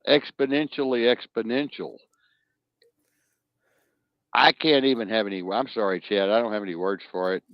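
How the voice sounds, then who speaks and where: A man's voice: lowish voice, quick pace, hardly any pauses, dry recording, dull audio. A man hosting a podcast, talking emphatically and addressing the audience with warnings. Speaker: podcast host. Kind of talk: casual podcast talk.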